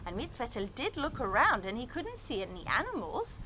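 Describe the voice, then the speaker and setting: Lively woman reading to children. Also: fairly high pitch, moderate pace, a little hiss or hum. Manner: animated, asks children questions. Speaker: children's storyteller and Hebrew teacher. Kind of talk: reading a picture book aloud, then teaching words.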